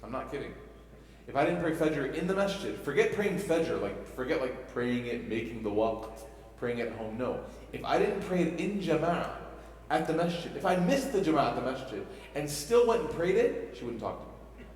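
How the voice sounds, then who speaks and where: A man's voice: fairly high pitch, very animated, normal speed, darkish tone. A young man and imam giving an emotional talk to youth in a mosque, telling stories with jokes and frequent rhetorical questions. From Egypt (family), raised in Chicago. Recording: echoey hall from far off.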